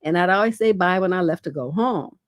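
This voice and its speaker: A woman's voice: lowish voice, fairly quick, no room sound, clean studio sound. Blunt, casual woman relationship coach. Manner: blunt, casual, peppered with "you know". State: lingering cough. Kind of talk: livestream advice show, reading and answering questions.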